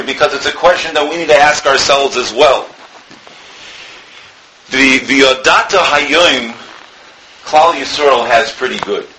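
A man's voice: medium pitch, moderate pace, bright, forceful tone, slight background noise, poor audio. A man giving an earnest Torah talk as a rabbi, telling a story and sprinkling in Hebrew and Yiddish words.

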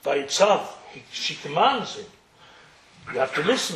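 A man with a high, swooping voice leads a Torah class. He tells the story with animation, slipping into the characters and peppering his listeners with questions. The room around him rings with echo. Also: a little slow, pauses often. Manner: animated, acts out the characters, asks rhetorical questions. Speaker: religious teacher.

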